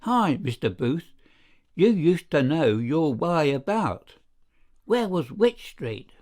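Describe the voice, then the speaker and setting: A male narrator voicing an older pub woman with a high, nasal, whining voice. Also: very animated, slow, a little mellow, exaggerated voice. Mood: shrill.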